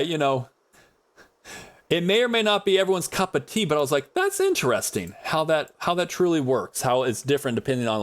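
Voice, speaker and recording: Male streamer, casual, rambling; lively voice, talks to chat and to objects in the game. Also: medium pitch. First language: English is his only language. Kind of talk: casual gameplay commentary.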